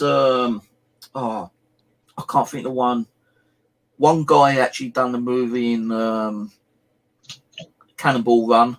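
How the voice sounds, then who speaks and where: A man's voice: medium pitch, level tone, slow, pauses often, low-quality recording. A middle-aged man chatting casually on a live stream, rambling through stories and swearing freely. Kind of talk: casual chat.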